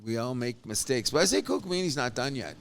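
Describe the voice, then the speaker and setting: A man co-hosting a casual sports podcast, rambling and animated with frequent restarts. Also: medium pitch, fast, creaky, a little hiss or hum. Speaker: podcast co-host.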